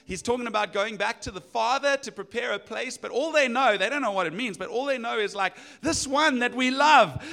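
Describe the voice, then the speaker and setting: A man preaching a sermon, animated and acting out voices of people in the story. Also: sits high. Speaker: pastor.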